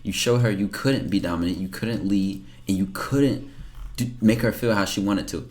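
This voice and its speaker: Male streamer, lowish voice, blunt and salty, commentary-style rant to chat. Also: normal speed, a little mellow. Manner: blunt, profane, lecturing. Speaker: streamer reacting to viewer messages. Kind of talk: casual livestream commentary.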